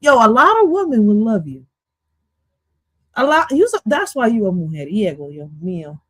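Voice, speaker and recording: A woman's voice: on the high side, big pitch swings, moderate pace, fairly bright tone, dry recording. A woman reacting to a podcast clip on her stream, goofy and swearing, slipping into now and then. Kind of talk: casual reaction commentary.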